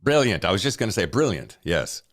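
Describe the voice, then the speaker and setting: A very deep American man with a lively, swooping delivery, hosting a casual book interview. He jokes and gushes with easy enthusiasm. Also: a little fast. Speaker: podcast host.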